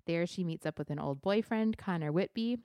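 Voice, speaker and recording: A woman co-hosting a casual book club podcast, chatty and quick to laugh. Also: fairly low pitch, dark tone, no room sound. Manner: chatty, laughs easily, reads a synopsis aloud. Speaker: podcast co-host.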